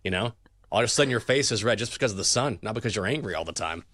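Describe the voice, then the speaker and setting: A man's voice: fairly low pitch, lively intonation, rapid-fire, fairly bright tone, dry recording. A man hosting a sports talk show, joking playfully with his co-hosts. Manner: joking, playful, slips into mock voices.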